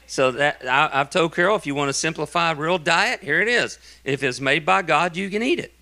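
A middle-aged pastor with a drawl preaches in a church. His voice sits a touch high for a man and rings bright and forceful. He mixes emphatic points with folksy, joking asides. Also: brisk. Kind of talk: sermon. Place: church sanctuary.

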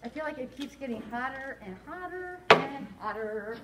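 A woman teacher reading a novel aloud to her class in a classroom, in a steady, clear storytelling way. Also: high voice, moderate pace, heavy background noise.

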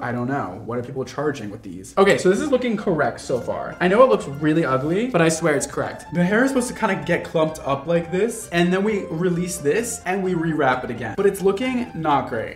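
Chatty, lively male hairstylist vlogger. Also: a little high. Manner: chatty, self-mocking, exclaiming. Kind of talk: casual vlog chat. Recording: roomy echo, faint music.

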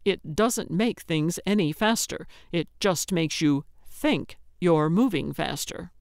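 A woman's voice: lowish voice, animated, takes it slowly, vocal fry, a little mellow, dry recording, exaggerated voice. A woman narrator voicing a weary, patient older man with a dry, resigned manner. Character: weary, patient older man, her put-upon driver.

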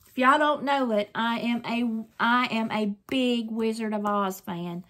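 A woman's voice: a little high, takes it slowly, fairly bright tone. An older woman, chatting effusively to her viewers while opening mail in a casual vlog. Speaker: craft vlogger.

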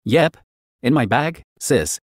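A man's voice: medium pitch, sing-song, takes it slowly, dry recording, clean studio sound. A man voicing an eager, cheerful young boy in a read fan fiction story.

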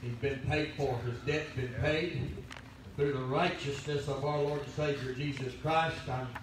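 A man's voice: mid-range voice, steady tone, unhurried, a crowd in the background. A man preaching a sermon as pastor, telling folksy stories. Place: church sanctuary. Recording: very echoey church from a distance.

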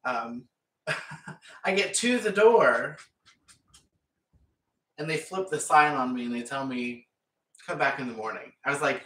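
A man's voice: medium pitch, expressive, measured pace, pauses often, a bit bright. A man chatting casually and rambling as he paints, with frequent laughs. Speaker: painting vlogger. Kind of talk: casual chat while painting. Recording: echoey room, mic far off.

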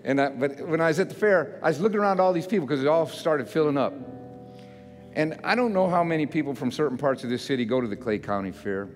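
An older man, a pastor, preaching a sermon in a folksy, self-mocking way that builds into loud, emphatic repetition. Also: a little high, animated, fast talker. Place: church sanctuary. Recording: church hall reverb with faint music.

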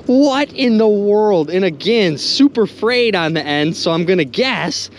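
Animated man magnet fishing from a boat. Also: high-pitched, measured pace, a little hiss or hum. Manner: animated, exclaims often, keeps addressing viewers as "you guys". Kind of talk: excited outdoor vlog narration. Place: outdoors on the water, in a boat.

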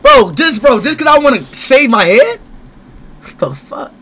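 A young man streaming live, loud and excitable, swearing freely in casual chat. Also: very high-pitched, measured pace, soft background music.

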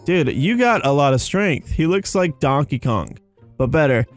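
A young man talks through a sandbox game in a loose, rambling way, tired yet quick to get excited. His voice sits fairly high and jumps around a lot. Faint music plays under him. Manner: excitable, rambling, says "dude" and "you guys". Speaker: gaming YouTuber. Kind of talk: casual gameplay commentary.

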